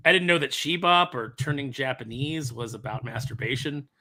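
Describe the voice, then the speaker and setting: A man's voice: medium pitch, normal speed, pushed and bright. A man in a casual pop culture chat, telling anecdotes and giving firm opinions. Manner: storytelling, opinionated. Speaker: podcast co-host.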